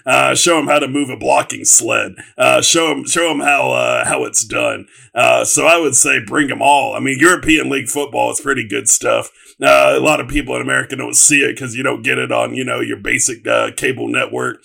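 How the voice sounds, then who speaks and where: A man's voice: medium pitch, fairly even intonation, brisk, creaky, hardly any pauses, sharp tone. A man on a sports talk panel, hesitant and full of filler words.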